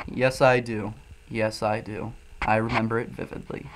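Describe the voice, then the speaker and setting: A man's voice: lowish voice, little pitch movement, moderate pace, background noise. Profane young man ranting on a livestream. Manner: crude, profane and mock-ranting. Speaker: livestream host reading chat. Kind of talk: casual livestream chat.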